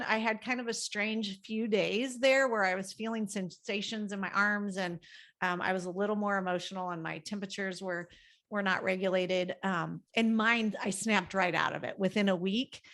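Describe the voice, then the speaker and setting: A woman's voice: medium pitch, normal speed, fairly bright tone. Middle-aged woman, guest counselor, casual podcast chat, candid and rambling, lots of fillers.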